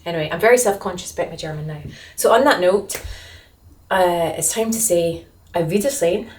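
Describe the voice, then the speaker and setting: Chatty Glaswegian woman, lowish voice. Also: a little fast, slight background noise. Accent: Glaswegian Scottish. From Scotland. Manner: chatty, self-deprecating storyteller. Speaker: vlogger on a motorbike tour. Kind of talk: casual travel vlog.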